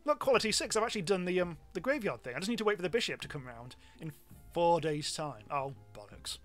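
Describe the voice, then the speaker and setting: A man's voice: a little high, big pitch swings, quick pace, a bit bright, faint music behind. A British man streaming a game live, chatting casually and rambling with self-mocking asides and frequent ums. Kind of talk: live gameplay commentary.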